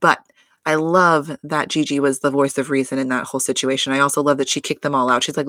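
A woman's voice: extremely low pitch, level tone, quick pace, a bit bright, no room sound, studio quality. A woman recapping a reality show in a chatty, filler-heavy way, with exclamations and swearing. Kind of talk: casual recap chat.

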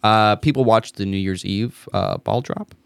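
A man's voice: on the low side, a little slow, creaky, a bit bright, smooth, no echo, clean studio sound. Laid-back man rambling on a podcast. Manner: laid-back, rambling, with many fillers and restarts. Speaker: podcast co-host. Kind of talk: casual chat.

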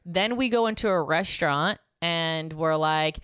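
A woman co-hosting a podcast, telling a story in casual chat, animated and profane, peppered with "like". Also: low voice, unhurried, smooth, dry recording, studio quality. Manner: profane, animated retelling with many "like"s. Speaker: podcast co-host.

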